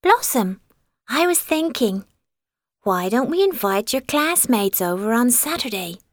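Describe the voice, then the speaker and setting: Woman doing a gentle, encouraging storybook mum. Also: on the high side, sing-song, measured pace, no echo, studio quality. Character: kind, reassuring mother.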